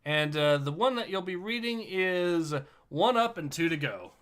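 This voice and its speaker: A man with a bright, fairly high voice hosts an online reading session, reading short stories aloud to friends. He keeps it chatty and laughs between lines, heard over a voice chat mic. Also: expressive, a little slow, clean tone. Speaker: livestream host reading stories.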